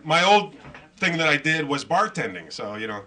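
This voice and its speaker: A man's voice: on the high side, very animated, moderate pace, pushed and bright. A middle-aged man emceeing a comedy show, rambling through self-mocking, profane bits and crowd work.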